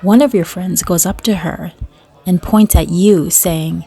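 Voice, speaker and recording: Casting: woman reader for short stories, low-pitched, dry matter-of-fact delivery. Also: fairly even intonation, a little slow, creaky, dark tone, husky. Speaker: storyteller. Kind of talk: reading short stories and jokes aloud.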